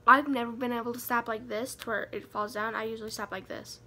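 A woman's voice: a little high, fairly even intonation, fast, sharp tone, slight background noise. A teenage girl giving rambling, self-mocking advice in a casual vlog, giddy from too much sugar. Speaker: vlogger.

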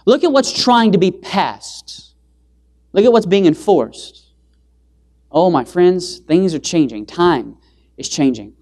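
Taking his time and leaving long pauses, an animated male evangelist preaches passionately inside a church. He challenges listeners with rhetorical questions, then supplies the answers, stressing key words through sudden climbs in pitch and volume.

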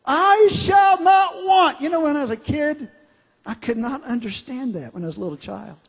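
A middle-aged man preaching a sermon, emphatic, swinging from loud declarations to quiet storytelling. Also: extremely high pitch, lively intonation, brisk, gravelly, breathy edge. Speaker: pastor. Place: large church sanctuary. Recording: long hall reverb.

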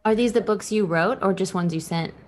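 A woman player asks the game master short, direct questions about the room. Her voice sits at an ordinary middle pitch. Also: brisk. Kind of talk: casual tabletop play.

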